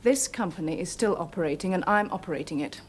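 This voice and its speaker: A woman playing a commanding businesswoman who brooks no argument. Her voice sits a touch low, and the old drama clip carries a faint background hiss. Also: animated, fast, close to an everyday voice. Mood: defiant. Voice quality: firm, commanding. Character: tough, commanding woman company boss.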